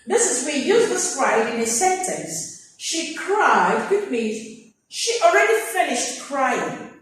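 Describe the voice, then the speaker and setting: High, lively woman teacher in an echoey room. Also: slow, a little hiss or hum. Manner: animated, acts out examples in sing-song voices. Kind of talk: classroom vocabulary lesson. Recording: very echoey room, mic far off.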